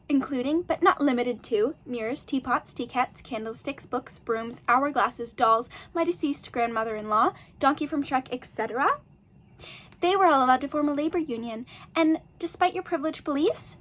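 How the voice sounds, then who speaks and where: A woman's voice: sits high, fairly bright tone. A woman playing a prim, self-righteous princess who lectures about her rights. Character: prim princess living with a beast, indignant.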